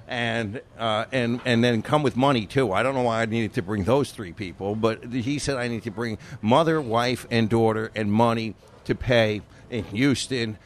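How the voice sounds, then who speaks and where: A man's voice: medium pitch, normal speed, few pauses, slight background noise. A man co-hosting a casual talk show, telling long rambling stories and chuckling as he goes. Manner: rambling storyteller who chuckles through his tales. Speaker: podcast co-host. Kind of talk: casual chat.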